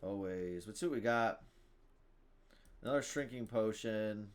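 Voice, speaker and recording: A man giving live commentary on his own game, thinking out loud, reading card text aloud and bursting into loud cheers. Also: lowish voice, measured pace, smooth. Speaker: gameplay streamer.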